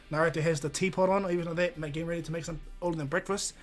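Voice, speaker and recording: A man's voice: a little high, fairly even intonation, rapid-fire, faint music behind. A man casually narrating a fan-made anime story, rambling with restarts and fillers.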